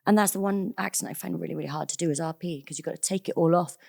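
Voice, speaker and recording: A woman in her late twenties, an actress guest, telling animated, slangy anecdotes in casual chat. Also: on the low side, racing, gravelly, breathy edge.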